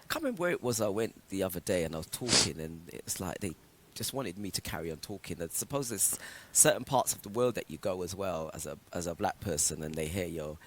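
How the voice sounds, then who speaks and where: Deep-voiced English man, radio co-host, easygoing conversational delivery. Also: lively intonation, fast, background noise. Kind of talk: casual radio chat. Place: radio studio.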